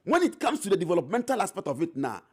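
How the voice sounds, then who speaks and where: A middle-aged Ghanaian man talks politics on a talk show, his husky voice leaping up and down in pitch. He is emphatic and repetitive, drawing out the words he wants to land. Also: huge pitch swings, quick pace. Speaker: politician guest, former MP. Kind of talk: animated political talk show debate, mixing English and Twi.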